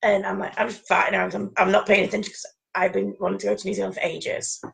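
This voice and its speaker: Woman chatting, super gravelly fry in her voice, rambly and laughing a lot. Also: medium pitch, fast talker, rough recording. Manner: animated, rambling, laughs often. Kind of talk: casual chat, anecdote storytelling.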